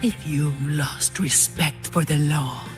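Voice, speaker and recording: A stern female warrior with a Greek accent for a game dub; low, very slow, contemptuous. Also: music in the background. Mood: menacing. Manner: cold, scornful, threatening. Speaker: game character.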